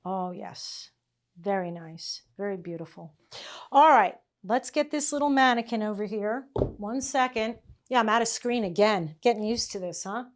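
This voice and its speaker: Speaking at a normal speed in a mid-range voice, this middle-aged woman teaches tailoring in her workshop through easygoing chat and stories. She laughs often and punctuates things with "okay?" and "all right?"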